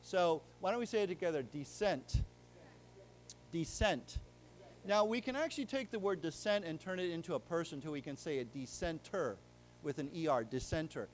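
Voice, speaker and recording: Slightly high-voiced man teaching vocabulary. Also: fast, slight background noise. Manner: drills words and has the class repeat them; explains patiently in plain terms, checking understanding. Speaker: English teacher. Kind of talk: live classroom vocabulary lecture. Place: library lecture room with a live audience.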